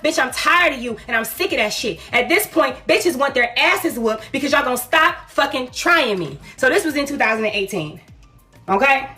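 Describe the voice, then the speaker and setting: A woman from Detroit with a high, bright voice tells a story on a livestream. She is blunt, profane and dramatic as she retells arguments. Faint music plays behind her.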